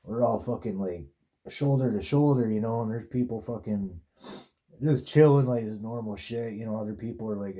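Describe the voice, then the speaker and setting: Podcast host, man, rambling profane storyteller, very dark, mellow tone, lowish voice. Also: normal speed. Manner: rambling, heavy swearing. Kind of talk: casual storytelling.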